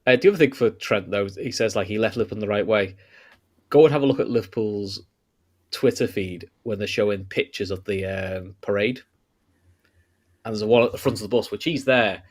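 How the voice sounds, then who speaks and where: A man's voice: fairly low pitch, fairly quick. A man co-hosting a football podcast, talking in casual chat and often repeating his words as he gets going. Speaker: podcast co-host.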